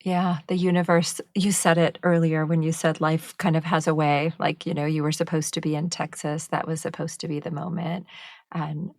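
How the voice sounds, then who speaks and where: A woman co-hosting a podcast interview, asking questions in a gentle, empathetic way. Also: on the low side, vocal fry, dry recording, studio quality. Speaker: podcast co-host.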